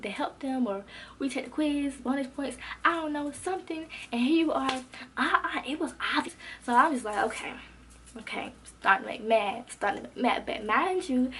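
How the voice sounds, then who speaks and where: A young adult woman vlogger telling a casual storytime, animated and slangy, acting out what others said. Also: on the high side, a little hiss or hum. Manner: animated, expressive, slangy, acts out quotes.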